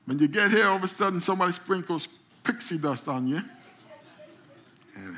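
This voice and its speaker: Guy preaching a sermon, kinda high bright voice, talks loose and stumbles over words, keeps asking the crowd to say amen. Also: fairly quick. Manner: conversational preaching with frequent restarts and repeated words; calls out to the congregation for responses. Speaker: pastor.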